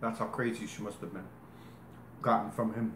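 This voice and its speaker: This man speaks at a moderate pace in a fairly low, fairly bright voice with fairly even intonation. Being interviewed, he tells a long, casual personal story, wandering off, fixing his own words and gesturing to show movements. There's a little hiss or hum, plus faint ambience in an echoey room.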